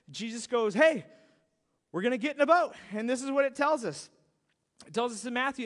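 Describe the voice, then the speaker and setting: Male pastor, very high voice, conversational sermon, reverberant church hall. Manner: storytelling, animated, conversational.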